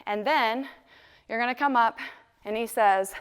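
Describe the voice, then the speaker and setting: A young woman leads a dance class, counting steps and calling moves in a lively, encouraging way. Her voice is smooth, clear and a little high. The studio adds a long ringing echo around her. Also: unhurried. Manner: upbeat, counts moves aloud and sings lyric snippets. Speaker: dance instructor.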